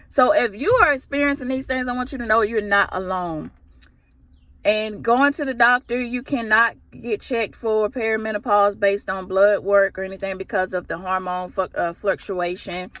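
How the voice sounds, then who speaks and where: A woman's voice: on the high side, fairly bright tone, no room sound. A woman, chatting casually and emphatically to her viewers. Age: 40s. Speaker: vlogger. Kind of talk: casual direct-to-camera talk.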